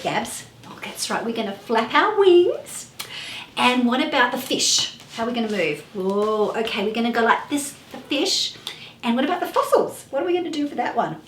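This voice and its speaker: A woman's voice: a little high, fairly bright tone, echoey room, a little hiss or hum. A woman hosting a children's music class, asking playful questions in a sing-song way.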